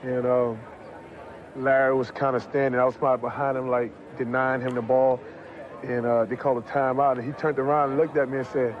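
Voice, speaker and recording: A man's voice: mid-range voice, flat delivery, fairly quick, highs cut off. A man, a former basketball player, recalling a game play matter-of-factly. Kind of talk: interview anecdote.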